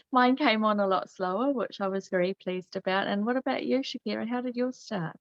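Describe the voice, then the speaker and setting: A woman healer hosting a casual podcast chat, chatty and quick to laugh. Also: medium pitch, no echo, lo-fi sound. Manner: chatty, laughs often, fillers. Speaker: host, healer.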